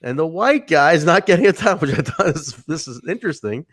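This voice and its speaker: Animated man reviewing wrestling casually. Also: on the high side, a little fast, no room sound, studio quality. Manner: animated, laughs often, acts out quotes. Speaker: podcast co-host.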